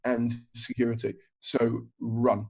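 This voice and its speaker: A man's voice: mid-range voice, monotone, slow pace, creaky, darkish tone. A man, a stand-up comedian telling a story on a podcast, swearing freely and acting out other people's lines. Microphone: video call. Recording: dull, lo-fi video call audio.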